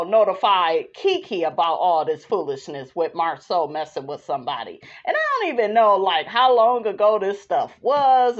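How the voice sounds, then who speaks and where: A woman podcast host in a sassy, animated casual commentary, reading viewer comments and calling her listeners honey. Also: mid-range voice, dull audio.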